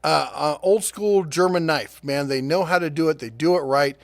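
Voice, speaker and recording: A middle-aged man hosting a casual deals rundown, chatty and quick with asides, laughing at his own jokes. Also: a little high, vocal fry, no room sound. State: prone to coughing fits. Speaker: host of a tool and deals channel.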